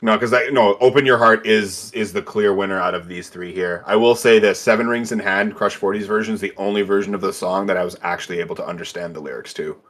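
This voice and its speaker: Blunt, low-voiced male podcast co-host. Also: steady tone, fast, hardly any pauses, a bit bright. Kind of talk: casual chat.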